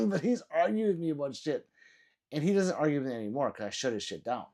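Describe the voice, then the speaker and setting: A man's voice: fairly high pitch, animated, a little fast, creaky, a little mellow. A sleepy man live-streaming, ranting with lots of swearing and mocking, then reading chat messages aloud.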